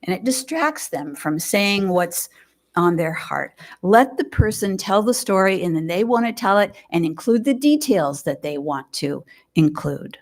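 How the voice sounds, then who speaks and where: An older woman giving a gentle, reflective sermon at a fellowship service, speaking in measured phrases with pauses. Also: mid-range voice, animated. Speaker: lay speaker. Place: fellowship hall, indoors.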